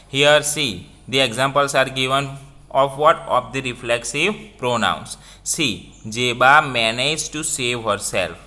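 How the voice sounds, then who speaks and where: A man's voice: mid-range voice, pushed and bright. A man with an Indian English accent teaching a grammar lesson, repeating points and quizzing listeners with "what?".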